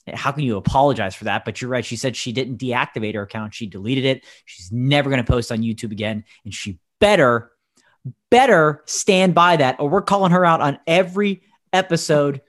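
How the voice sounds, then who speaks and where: A man's voice: mid-range voice, normal speed, a bit bright. A man co-hosting a casual podcast chat, ranting emphatically and indignantly. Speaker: podcast co-host.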